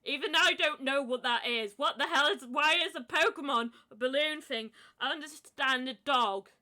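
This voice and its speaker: A woman's voice: high-pitched, moderate pace, pushed and bright. A woman co-hosting a podcast in casual chat, giggly and playfully overdramatic. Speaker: podcast co-host.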